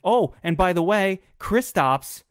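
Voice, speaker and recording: A man co-hosting a casual sports podcast, opinionated and animated, swearing freely and stumbling over restarts. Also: sits high, slow, clear, resonant tone, no echo, studio quality. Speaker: podcast co-host. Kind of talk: casual fantasy sports chat.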